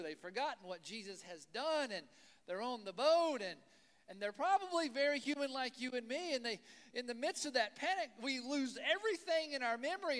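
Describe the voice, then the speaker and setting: High-voiced pastor in a reverberant church. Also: male voice. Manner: conversational, animated with asides and rhetorical questions. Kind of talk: sermon. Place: church hall. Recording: long hall reverb.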